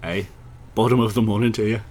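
A man's voice: lowish voice, fairly even intonation, fast, a little mellow, close to an everyday voice. A man doing a cheeky young Scottish clerk. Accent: put-on Scottish. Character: cheeky young Scottish office worker, eager.

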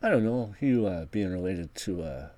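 Brash male casino boss, played by a man, low voice that swings a lot, dry close sound, improvised role-play. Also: expressive, moderate pace, darkish tone, no room sound. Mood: bossy. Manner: rambling, blunt, self-mocking asides.

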